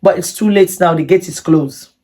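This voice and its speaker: A woman's voice: fairly low pitch, moderate pace, warm tone, breathy edge. A woman quoting her evasive, lying ex-partner in a lighter voice as she tells a story. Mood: offhand.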